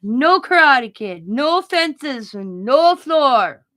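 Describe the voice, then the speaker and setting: A woman imitating her male doctor, a cheerful but blunt man who gives firm orders in clipped, broken phrases, repeating them slowly for emphasis. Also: sits high, big pitch swings, sharp tone, voice pushed up, heavily acted. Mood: firm, emphatic.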